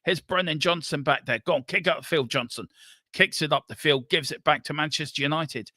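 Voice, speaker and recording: A man hosting a football watchalong, calling the play live with excitable banter. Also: on the high side, brisk, no room sound, clean studio sound. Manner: excitable, running commentary with banter. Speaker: watchalong host.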